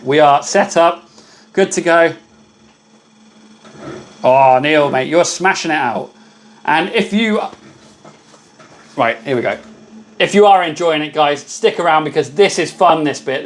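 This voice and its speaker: A British man hosting a casual live stream from his workshop, chatty and upbeat, thanking viewers by name. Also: a little high. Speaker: livestream host.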